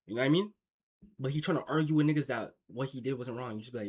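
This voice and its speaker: A man's voice: medium pitch, racing, breathy edge. A young man from Jamaica giving casual, slang-heavy reaction commentary, swearing and rambling with lots of filler. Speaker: streamer reacting to a clip.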